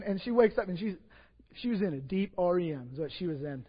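A Texan pastor with a fairly high voice tells a story from the pulpit. He is animated, dropping to hushed asides and then rising to loud bursts. The recording is dull and lo-fi, with long church reverb. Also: a little fast, husky. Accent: Texas. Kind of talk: sermon storytelling. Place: church sanctuary.

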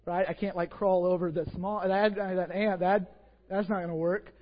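A Texan pastor with a fairly high voice tells a story from the pulpit. He is animated, dropping to hushed asides and then rising to loud bursts. The recording is dull and lo-fi, with long church reverb. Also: normal speed. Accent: Texas. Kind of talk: sermon storytelling. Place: church sanctuary.

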